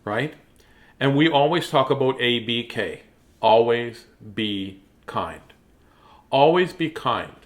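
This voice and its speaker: A man who hosts a children's reading show, speaking gently and earnestly to young viewers about kindness, with pauses and filler words. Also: medium pitch, animated. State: choked up. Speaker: children's story reader and host. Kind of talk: reading aloud to kids, then heartfelt talk.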